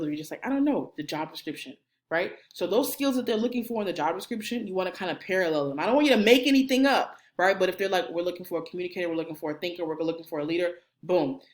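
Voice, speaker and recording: A woman, a college career services director, coaching viewers through cover letters on camera in an animated, playful way, talking straight to the viewer. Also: fairly low pitch. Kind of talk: energetic instructional video.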